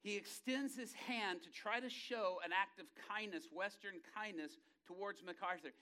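A man preaching a sermon, telling stories dramatically and acting out the characters' voices, swinging from hushed low passages to loud excited bursts. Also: normal speed.

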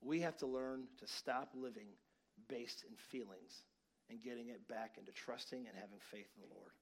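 A man in his forties delivers a sermon in a storytelling manner. His voice swings from hushed, intimate asides to sudden loud outbursts as he acts out the story. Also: mid-range voice, moderate pace, breathy edge. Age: 40s. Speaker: pastor.

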